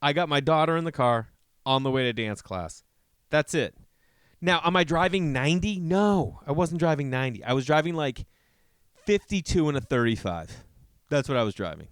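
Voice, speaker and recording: A man with a smooth voice hosts a podcast at a moderate pace, with no room sound. His rambling comedic stories come loaded with swearing, and he acts out others' lines animatedly in a higher voice.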